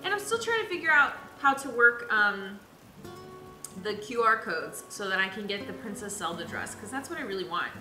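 A woman's voice: mid-range voice, sing-song, normal speed, pushed and bright. A young woman streaming a video game, chatting casually and giggling while she reads out viewer comments. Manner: bubbly, giggly, chatty with many fillers. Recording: roomy echo with background music.

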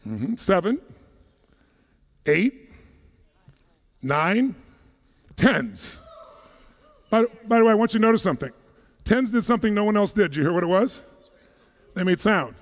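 Brief: male motivational speaker, pitched high, punchy crowd work, joking, booming hall reverb. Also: very animated. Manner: punchy, fires rapid questions at the crowd; casual, jokey, a little profane. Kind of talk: energetic stage talk to a live audience. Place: large conference hall.

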